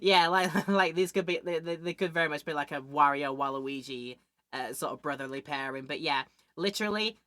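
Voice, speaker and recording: A young woman streams a game, chatting casually and voicing the characters as she reads. Her voice is deep and bright with a forceful tone and no echo, and music plays in the background.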